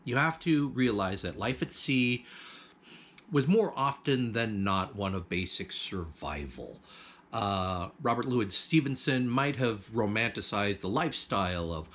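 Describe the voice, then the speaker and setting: Male host, lowish voice, casual explainer with ums and chuckles. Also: lively intonation, unhurried, fairly bright tone. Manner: chatty, with frequent ums, restarts and chuckles. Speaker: host of a food history channel.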